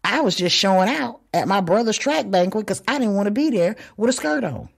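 A woman hosting a podcast, talking bluntly in a casual, profane monologue that swings between loud and hushed. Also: mid-range voice, expressive, a little fast, vocal fry, slightly rough. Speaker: podcast host.

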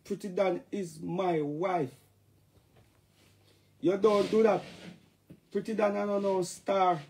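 A Jamaican dancehall artist chats casually with fans on a live stream, his voice high for a man, his tone steady and his pace slow. He rambles playfully from topic to topic, every so often shouting out loud catchphrases.

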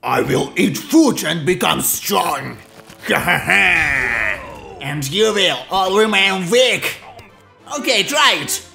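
A deep gloating monster villain. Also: expressive, vocal fry, pushed and bright, soft background music, heavily acted. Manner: slow, sneering, gloating. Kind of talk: fan animation voice acting.

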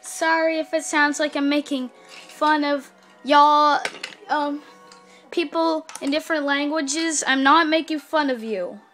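A woman chatting to camera as host of her own vlog. Her voice sits very high and she speaks at an unhurried pace. She is playful and excitable, breaking into bursts of cheering. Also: soft background music. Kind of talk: casual chat to camera.

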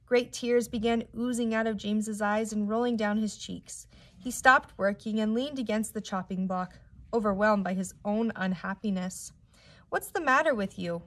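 A woman teacher reading a children's book aloud with expressive, unhurried storytelling. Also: mid-range voice. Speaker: third-grade teacher.

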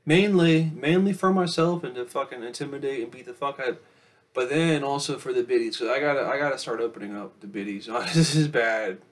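A young man rambling casually to camera in a profane vlog, swinging between loud outbursts and low mumbles. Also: a little fast. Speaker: vlogger.

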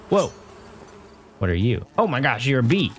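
Man, let's play host, casual gameplay chatter, self-mocking, mutters reactions, mid-pitched voice. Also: a little hiss or hum.

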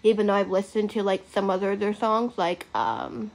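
A young woman hosting a livestream chats casually, rambling and correcting herself along the way. Her voice is mid-range and gravelly, with fairly even intonation at normal speed.

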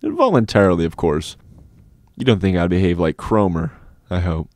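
A man voicing a self-assured older schoolboy who speaks softly and with measured calm. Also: low voice, no echo, exaggerated voice. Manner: measured, soft, unhurried.

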